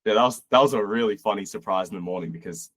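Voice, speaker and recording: Husky low-voiced young man telling a story. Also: fast. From Australia. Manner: animated, acts out quotes, swears. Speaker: podcast guest. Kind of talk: casual storytelling.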